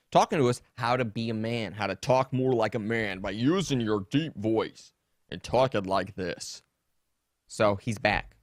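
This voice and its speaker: Podcast host, man, low voice, dry close sound, rambling and jokey. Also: fairly bright tone, no echo. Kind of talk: casual rambling podcast chat. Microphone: desktop streaming setup.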